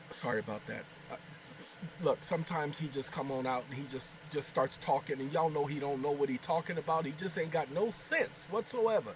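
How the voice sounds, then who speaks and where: A man's voice: fairly high pitch, a little hiss or hum, poor audio. A man hosting his own video channel, chatting casually at home, rambling and joking while scolding aside. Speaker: channel host. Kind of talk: casual talking-head video chat. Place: home kitchen.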